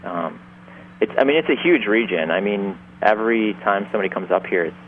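A man's voice: fairly low pitch, a little fast, a little hiss or hum. Laid-back man on a tinny line. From Upstate New York. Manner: laid-back, many "like" fillers and restarts. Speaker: winemaker guest. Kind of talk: casual interview chat.

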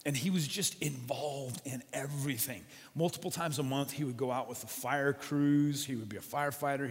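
A preacher telling a story in a reverberant hall. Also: male voice, medium pitch. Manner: storytelling, with dramatic swings in loudness. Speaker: pastor. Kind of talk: sermon.

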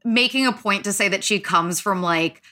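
Bright-voiced young woman gossiping. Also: medium pitch, moderate pace. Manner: chatty gossiping, lots of fillers. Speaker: podcast host. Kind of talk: casual chat.

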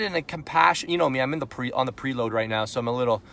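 With a racing, creaky, slightly bright mid-range voice, a sales coach and podcast host from Canada gives a live coaching talk on sales. He's blunt and punchy, throwing out rhetorical questions and climbing into frustrated intensity.

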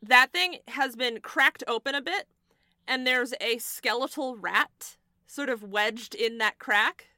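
A woman's voice: on the high side, takes it slowly, pushed and bright, dry recording, studio quality. A woman narrating as game master in a tabletop game, describing scenes with lots of fillers and hesitations.

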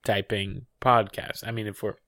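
A man's voice: on the low side, level tone, moderate pace, a bit bright, dry recording, studio quality. A man co-hosting a podcast in casual chat, rambling with lots of fillers, restarts and swearing. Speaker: podcast co-host.

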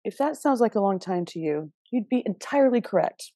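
Woman, astrologer, casual and direct, warm mellow tone, dry close sound. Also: mid-range voice, animated, a little fast, dry recording. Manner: chatty and direct, with frequent laughs and "okay?" check-ins. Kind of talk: casual spoken astrology reading.

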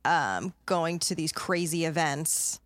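A woman's voice: deep voice, animated, slow, no room sound. A young woman co-hosting a podcast in casual chat, blunt and profane, and stumbling when she reads aloud. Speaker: podcast co-host.

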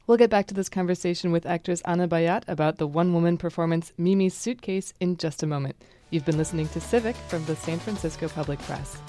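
A woman hosting a public radio interview show, asking measured questions and reading the links between segments. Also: on the low side, mellow, soft background music. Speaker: radio host.

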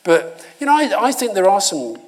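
A man's voice: sits high, normal speed. A middle-aged man from Britain, a guest speaker answering audience questions in a live university talk, telling stories and mimicking voices. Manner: animated storyteller, laughs and mimics voices. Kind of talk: live Q&A conversation. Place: university lecture hall.

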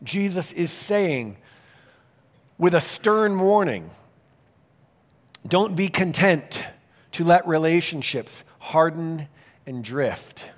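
A male pastor delivering a sermon in an earnest, emphatic style, speeding up and slowing down for emphasis. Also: a little high, expressive. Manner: earnest, emphatic preaching with varied pace.

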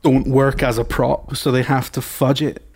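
A man's voice: mid-range voice, level tone, normal speed, darkish tone, husky. A man co-hosting a podcast, swearing and ranting in casual banter with friends. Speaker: podcast co-host.

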